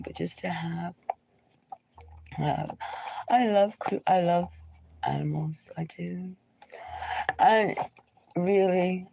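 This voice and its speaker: A woman hosting a live tarot reading, talking in a rambling, conversational way and sometimes dropping into soft whispers. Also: on the low side, vocal fry, husky. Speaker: tarot reader. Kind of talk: live-stream reading, casual talk.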